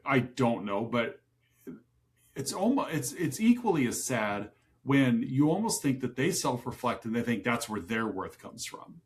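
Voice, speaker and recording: A man's voice: mid-range voice, sing-song, unhurried. A man co-hosting a casual movie review podcast, easygoing and cracking dry jokes. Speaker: podcast co-host.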